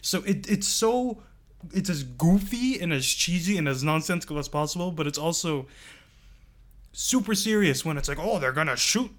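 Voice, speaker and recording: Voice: medium pitch, lively intonation, moderate pace. A podcast co-host in casual chat, making sarcastic, profane jokes with laughing asides.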